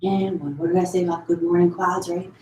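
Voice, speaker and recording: A woman leading a Pilates class from home, counting down reps and giving quick form cues, a bit out of breath. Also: lowish voice, fairly even intonation, mellow. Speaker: pilates instructor. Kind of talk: live online fitness class cueing. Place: her home. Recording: echoey room.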